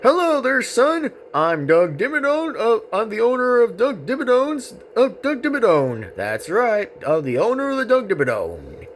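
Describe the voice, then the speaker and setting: A man voicing a boastful, cowboy-like rich businessman in a high, drawling put-on voice. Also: big pitch swings, normal speed, a little hiss or hum, heavily acted.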